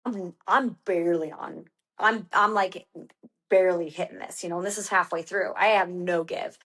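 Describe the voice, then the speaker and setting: A woman's voice: lowish voice, steady tone, normal speed, fairly bright tone. Chatty woman telling a story with fillers. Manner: chatty, with many fillers, acting out her own quoted lines. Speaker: podcast guest, ultrarunner. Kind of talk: casual storytelling in an interview.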